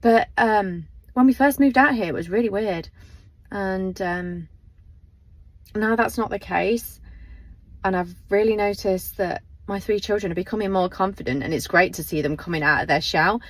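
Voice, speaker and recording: A woman in her forties, a mother of three, chatting gently in a casual vlog. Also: mid-range voice, normal speed. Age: 40s.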